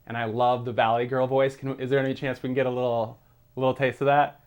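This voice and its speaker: A man's voice: mid-range voice, level tone, fast, clean tone. Male interviewer, upbeat and enthusiastic, casual questioning style. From Minneapolis area. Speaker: interviewer host.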